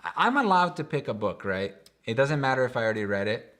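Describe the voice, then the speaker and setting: A man co-hosting a casual livestream from home, joking and easygoing. His voice sits at a middle pitch. He chats loosely with his co-host. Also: sing-song, fast, fairly bright tone. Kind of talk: casual chat.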